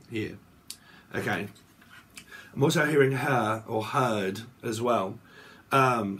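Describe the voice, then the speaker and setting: Husky man rambling through a tarot reading. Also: medium pitch, a bit bright. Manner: rambling, repeats "okay" and "right" often. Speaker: tarot reader. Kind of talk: casual tarot reading to camera.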